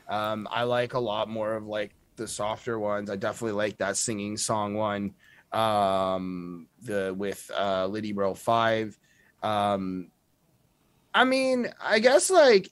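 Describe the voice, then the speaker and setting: A man's voice: medium pitch, no room sound. A man co-hosting a casual album review, rambling with lots of fillers and some swearing.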